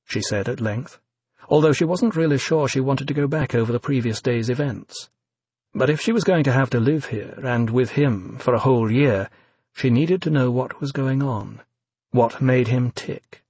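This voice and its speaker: A man narrating an audiobook in a measured, even reading. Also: medium pitch, slightly rough, dry recording.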